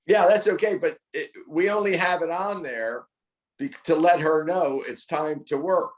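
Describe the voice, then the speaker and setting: A man with a fairly high voice talks unhurriedly, recorded poorly with plenty of reverb. Coaching a dog owner through drills by call, he stays firm and corrective and repeats what he wants done.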